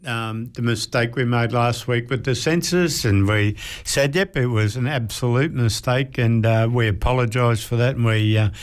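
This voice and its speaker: A man's voice: medium pitch, normal speed, hardly any pauses, smooth. A man co-hosting a radio show, speaking with hesitant fillers. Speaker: radio co-host. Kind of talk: casual radio chat.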